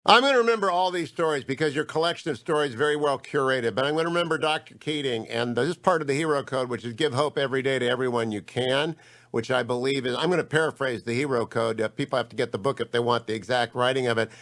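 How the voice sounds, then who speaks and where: A middle-aged man hosting a radio interview, chatty and enthusiastic, with quick asides. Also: medium pitch, a bit bright. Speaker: talk radio host.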